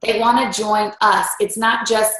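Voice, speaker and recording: A woman's voice: medium pitch, unhurried. A woman leading a team training, giving a motivational talk and acting out quoted voices along the way. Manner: animated, acts out voices in quotes. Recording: roomy echo.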